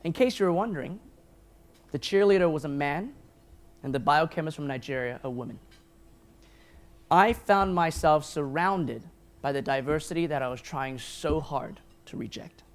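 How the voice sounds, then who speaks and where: Keynote speaker: a man with a fairly high voice, earnest and self-deprecating, miked at a lunch event. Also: normal speed. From grew up in Taiwan, New Zealand and the United States. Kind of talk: keynote speech. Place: event hall at a lunch gathering.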